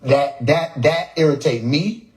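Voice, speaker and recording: A man's voice: a little high, slow, a little mellow, low-quality recording. A man hosting a casual phone livestream, joking and swearing as he mimics how people pronounce words. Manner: profane, joking, repeats words to mimic tones. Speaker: livestream host.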